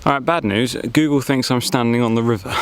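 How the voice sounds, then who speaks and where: A man's voice: medium pitch, a little fast, smooth. A man vlogging outdoors in a forest, chatting and joking as he thinks aloud into a handheld camera. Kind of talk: casual vlog commentary.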